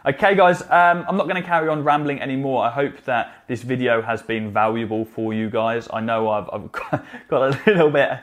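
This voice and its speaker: A man's voice: mid-range voice, moderate pace. A man giving direct, emphatic coaching advice in a vlog, often adding "okay?" to press a point. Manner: emphatic, repeats "okay?" to drive points home. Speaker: social media marketing coach.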